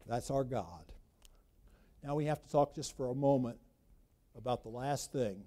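A man preaching a sermon, emphatic, swinging between loud bursts and quiet asides. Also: medium pitch, unhurried, long pauses. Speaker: pastor.

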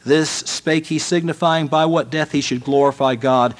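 A man's voice: on the high side, fairly even intonation, normal speed. Preacher man telling a story with drama. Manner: dramatic storytelling, swings from loud to hushed. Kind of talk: sermon.

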